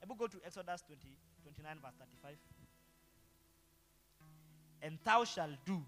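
Male pastor, high bright voice, preaching in a reverberant hall over light guitar. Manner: preaching with rhetorical call-and-response questions. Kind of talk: sermon.

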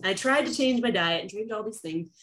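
Woman podcast host telling a story, animated, does little voices for people she quotes, middle pitch. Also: a little fast. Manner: animated, acts out quoted people with big pitch jumps and laughs. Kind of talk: casual storytelling in conversation.

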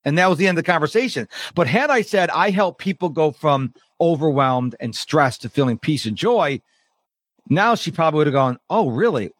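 Middle-aged male guest, brisk and animated, fairly high voice, dry close mic. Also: dry recording. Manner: animated, quotes people in lively voices. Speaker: productivity coach, podcast guest. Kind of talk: casual interview talk.

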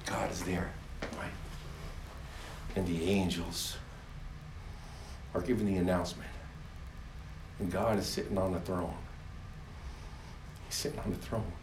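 Brief: slow, emphatic male preacher, repeats phrases, echoey room. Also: low voice, fairly even intonation, far from the mic, noisy background. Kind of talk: sermon. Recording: roomy echo.

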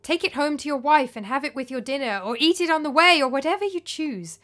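A woman voicing an elderly male priest who is kindly but quick to lose patience, speaking earnestly in a storybook reading. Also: fairly high pitch, animated, fairly bright tone. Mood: exasperated. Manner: earnest, rising to indignant.

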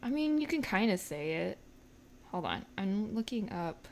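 A woman co-hosting a casual movie-review chat, animated and giggly, often exclaiming. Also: mid-range voice, unhurried, gravelly. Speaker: podcast co-host.

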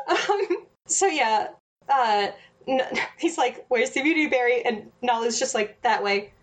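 A woman's voice: high-pitched, measured pace. A young woman chatting casually, retelling a story with lots of laughter and quoted lines. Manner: giggly, animated retelling with quoted voices. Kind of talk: casual recap chat.

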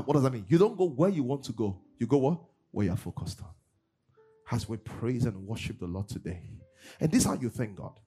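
A man preaching a sermon in church, swinging between loud bursts and low asides. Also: slightly rough. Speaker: pastor. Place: church service.

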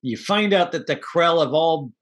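A man chatting casually as a podcast co-host, animated, acting out lines from a film and laughing often. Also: a little high, normal speed. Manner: animated storyteller, acts out movie quotes, laughs often. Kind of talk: casual chat.

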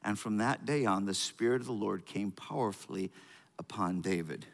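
A man preaching a sermon. He calls out to the congregation for answers and swings between loud emphasis and quiet, low passages, often restarting his words. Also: normal speed, gravelly. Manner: frequent restarts and repeated words. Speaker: pastor. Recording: long reverb of a large hall.

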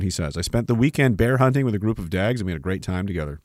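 Talking fast in a lowish voice, a man streams from home and reads his chat, wandering between topics, cursing a lot, and breaking off mid-thought. The sound is clean studio audio without echo.

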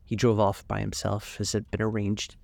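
Low, gravelly-voiced male storyteller. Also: completely flat delivery, normal speed, a little mellow, dry recording. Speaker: narrator. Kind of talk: bedtime audiobook reading.

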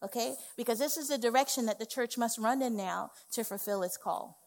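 A woman's voice: a little high, a little fast, creaky. A woman executive pastor preaching a sermon, emphatic and conversational, often checking in with "okay", recorded in a church sanctuary. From West Indies family. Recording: long hall reverb.

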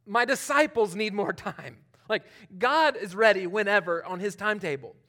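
A man preaching a conversational sermon, talking informally with many fillers and swinging between loud emphasis and hushed asides. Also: sits high, lively intonation, normal speed. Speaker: pastor.

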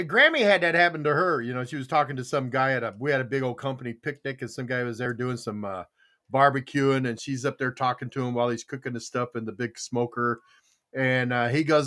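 A man's voice: animated, moderate pace, sharp tone. A man hosting a casual podcast, teasing his guests and telling funny stories. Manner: jokey, teasing, with high-pitched exclaims. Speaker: podcast host.

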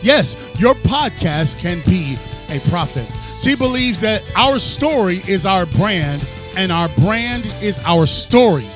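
A podcast host with a high-pitched voice works his audience up with sing-song, booming build-ups before dropping into easy chat. Faint music sits underneath. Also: lively intonation, slow. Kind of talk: hyped podcast introduction and chat.

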